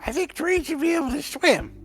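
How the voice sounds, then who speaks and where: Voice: sits high, lively intonation, fairly quick, faint music behind. A streamer voicing an odd, dreamy train fan who rambles with childlike enthusiasm.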